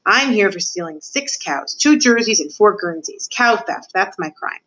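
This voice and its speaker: A woman voicing a gruff, rough-spoken male prisoner in a read-aloud storybook. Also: mid-range voice, expressive, normal speed, a bit bright, rough recording. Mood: remorseful.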